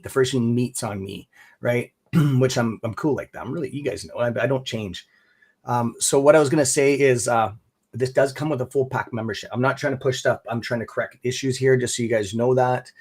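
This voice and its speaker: A man's voice: medium pitch, darkish tone. Rambling Canadian man on a live stream. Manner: rambling, friendly, calls viewers brother and bud. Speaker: stock trading stream host. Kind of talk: casual live-stream chat.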